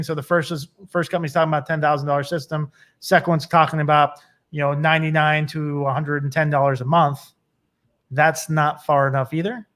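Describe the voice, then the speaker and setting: A man's voice: on the high side, a bit bright. Emphatic man who keeps asking "right?". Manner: storytelling, builds up to punchlines. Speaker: guest, business consultant. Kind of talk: casual business interview chat.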